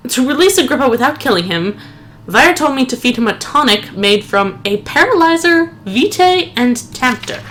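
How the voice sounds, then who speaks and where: A woman co-hosting a let's play, chatting casually and reading in-game notes aloud in a slow, solemn voice. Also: a little high, a bit bright, slight background noise. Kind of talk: casual gameplay chat and read-aloud.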